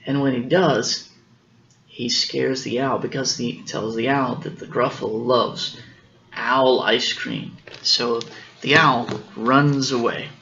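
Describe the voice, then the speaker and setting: Man, father reading a picture book, slow, gravelly, stops to explain, dull lo-fi home video. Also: medium pitch, steady tone, pushed and bright, slight background noise. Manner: unhurried, pauses to explain the story and corrects himself. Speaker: father reading to his daughters.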